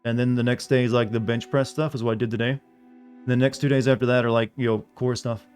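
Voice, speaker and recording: A man's voice: mid-range voice, little pitch movement, quick pace, a little mellow, smooth, soft background music. A young man streaming a video game, chatting casually with viewers in a rambling way, full of filler words. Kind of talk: casual gameplay chat with viewers.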